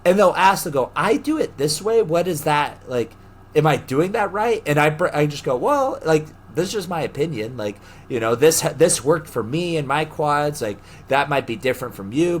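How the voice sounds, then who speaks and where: A young man co-hosting a podcast, telling stories in casual chat, animated, laughing often and acting out the people he quotes. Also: on the high side. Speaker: podcast co-host.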